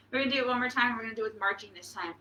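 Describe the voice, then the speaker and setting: A woman leading a preschool storytime as librarian, reading aloud and singing with a cheerful, animated manner. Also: a little high, very fast, reverberant, slight background noise. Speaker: children's librarian. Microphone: fixed camera.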